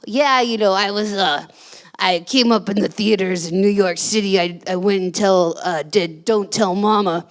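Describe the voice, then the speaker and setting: A woman doing an impression of a gruff, laid-back older male actor with a low, drawling voice and a blunt, offhand delivery. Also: normal speed, natural voice. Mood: boastful.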